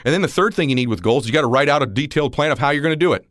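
Guy in his 40s doing a motivational talk, fast, acts out stories, pretty dry sound. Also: on the high side, expressive, dry recording. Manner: storytelling, acting out dialogue, rising to near shouts. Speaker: motivational speaker.

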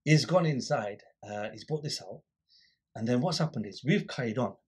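A man's voice: mid-range voice, lively intonation, normal speed, a little mellow, slightly rough. A man, a guest in an interview, animatedly telling a story and acting out the dialogue. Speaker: guest, volunteer litter picker.

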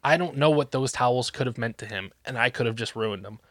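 A man's voice: mid-range voice, a little fast, a bit bright, no room sound, clean studio sound. A man telling a work story in casual chat, ranting and swearing with exasperation.

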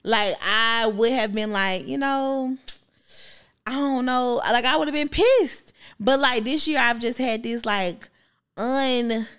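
Young woman co-host, reflective and rambling, pitched a bit high. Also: slow pace, a bit bright, clear, resonant tone. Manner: rambling, lots of "like" fillers; candid and reflective. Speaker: podcast co-host. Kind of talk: casual chat.

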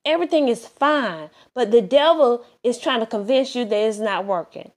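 A woman preaches a sermon at a moderate pace, her slightly high voice rising and falling with lively intonation. She urges her listeners earnestly, repeating herself and often restarting phrases.

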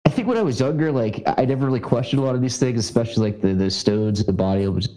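A man on a casual movie podcast, talking in a halting, hesitant way. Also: medium pitch, dark tone, low-quality recording. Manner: hesitant, halting, many restarts. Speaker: podcast co-host.

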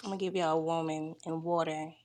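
A woman's voice: deep voice, flat delivery, quick pace, mellow. A woman poet on a spoken word podcast, chatting casually and graciously. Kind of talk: casual chat.

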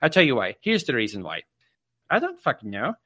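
A man putting on a cranky old-school professor, bossing a student around in a raised, pushy voice. He is gruff and profane, and he sounds close and dry with no room sound. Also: mid-range voice, wildly swooping pitch, brisk, sharp tone, no echo, heavily acted. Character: bossy, cranky male professor barking orders. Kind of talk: improvised comic role-play on a livestream.

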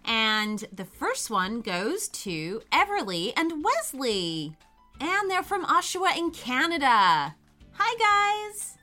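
A woman's voice: high voice, big pitch swings, slow pace, bright, forceful tone, soft background music. A woman hosting a children's podcast, cheerfully reading a story aloud to young listeners.

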